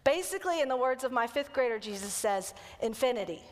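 A woman kids' pastor preaching a sermon as a lively storyteller who acts out the quotes. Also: sits high, fast, big-room sound.

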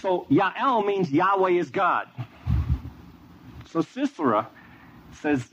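A man's voice: sits high, big pitch swings, takes it slowly, pauses often. A man preaching a sermon, telling a story with energy and quizzing the audience. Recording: dull lo-fi with faint noise.

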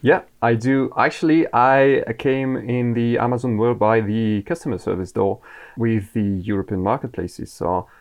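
A man's voice: mid-range voice, fairly even intonation, moderate pace. A man from France with a French accent, a native French speaker, chatting as a guest on a podcast. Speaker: podcast guest, PPC manager. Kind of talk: casual podcast interview.

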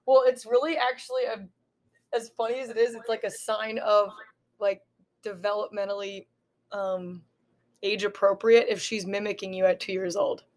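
A woman in her twenties, a teacher co-hosting a casual chat podcast, chatty and quick to laugh along. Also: medium pitch, little pitch movement, a little mellow.

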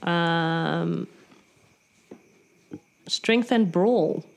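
A woman game master runs a tabletop role-playing session, her voice sitting a little low. She lays out the rules plainly and patiently for her players. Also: extremely slow, creaky.

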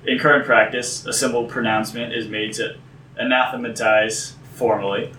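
A man's voice: medium pitch, little pitch movement, normal speed, bright, forceful tone. A young man from Ireland co-hosting a casual chat, reading facts aloud and then riffing on them with jokes. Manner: joking, reads facts aloud then riffs. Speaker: podcast co-host. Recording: roomy room, mic far off, faint hiss.

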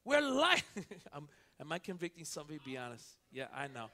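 A man pastor preaching a sermon, who swings from quiet asides to loud preaching and tells stories with quick back-and-forth dialogue. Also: a little high, a faint crowd.

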